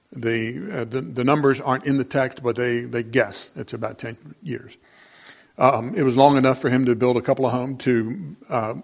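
A man delivering a sermon in a relaxed, conversational tone. He often stops to search for words and restarts sentences. His voice sits at an ordinary pitch for a man. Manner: unhurried, conversational preaching with many fillers and restarts. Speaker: pastor.

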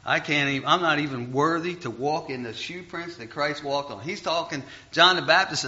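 A male preacher with a fairly high, very bright and cutting tone, carried by his story. He keeps asking the room rhetorical questions in an animated, storytelling style. The recording sounds dull and lo-fi. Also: normal speed. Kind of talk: sermon with personal story.

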